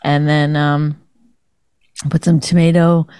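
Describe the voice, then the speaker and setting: A woman's voice: low voice, level tone, takes it slowly, warm tone, smooth, no room sound, studio quality. A middle-aged woman, a podcast co-host, teasing her husband sarcastically in casual chat. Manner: sarcastic, teasing, mock-impressions.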